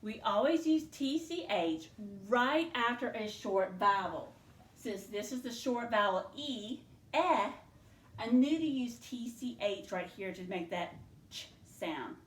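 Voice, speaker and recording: A woman teaching a spelling lesson to young learners, sounding out each letter and syllable slowly and patiently. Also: on the high side, lively intonation, roomy sound.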